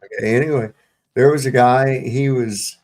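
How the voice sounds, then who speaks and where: A man's voice: mid-range voice, steady tone, normal speed, a little mellow. A man hosting a live-stream panel, telling a rambling story full of swearing and restarts. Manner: profane, rambling, with many fillers and restarts.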